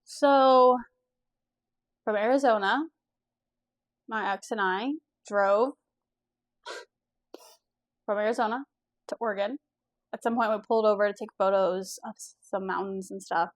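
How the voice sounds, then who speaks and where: A young woman from the US East Coast telling a personal story in a casual vlog, candid and animated, swearing now and then. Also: mid-range voice, measured pace, pauses often. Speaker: vlogger.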